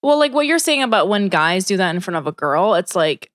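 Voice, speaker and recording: A woman chatting casually into a close, dry mic, her pitch leaping around as she tells a story. She swears freely and acts out the lines of the people in it. The sound is plain, with no room around it. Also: sing-song, brisk, fairly bright tone, no echo. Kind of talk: casual chat.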